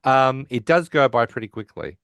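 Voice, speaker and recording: Man, podcast co-host, chatty scene-by-scene recap, mid pitch, dry close sound. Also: normal speed, a bit bright, clear, resonant tone, dry recording. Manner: retells scenes by acting out the lines, with many fillers and restarts. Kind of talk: casual episode recap.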